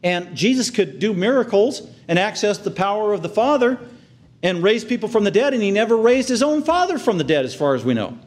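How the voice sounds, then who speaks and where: Guy preaching a sermon, kinda high voice, goes real soft then loud and fired up. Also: fairly quick. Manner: earnest preaching, swings from hushed tender lows to loud excited highs; acts out the crowd's outraged reactions in a raised voice. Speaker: pastor.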